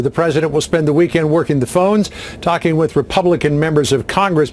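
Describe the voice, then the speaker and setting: A male correspondent giving a formal, steady news report. His voice sits slightly high. A faint hiss runs underneath. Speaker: White House correspondent.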